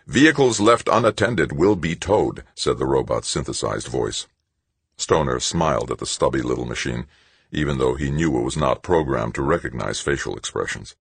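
A man reading a novel aloud in measured, scripted narration. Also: a bass voice, gravelly, husky, no echo. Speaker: audiobook narrator.

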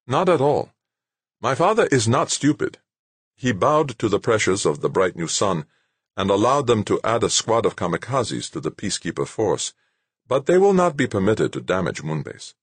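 A man's voice: on the low side, very animated, normal speed, slightly rough, dry recording, voice pushed up. A man voicing a young executive's son who speaks in a polite, gracious, solicitous way. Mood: calm.

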